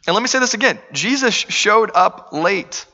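A man's voice: high-pitched, expressive, normal speed, sharp tone, long reverb tail, dull audio. A man preaching a sermon, earnest and conversational, asking the room rhetorical questions. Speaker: pastor.

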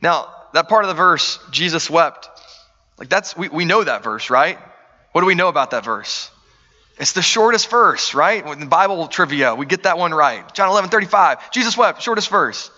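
A man's voice: on the high side, lively intonation, moderate pace, bright, forceful tone, big-room sound, dull audio. A man preaching a sermon, earnest and conversational, asking the room rhetorical questions. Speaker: pastor.

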